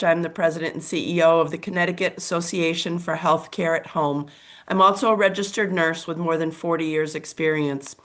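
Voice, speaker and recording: An older woman with a scratchy, slightly low voice reads prepared testimony. She sounds formal and measured. She is heard over a remote call microphone. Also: fairly bright tone. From United States. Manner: formal, measured reading of a statement. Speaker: testifying witness.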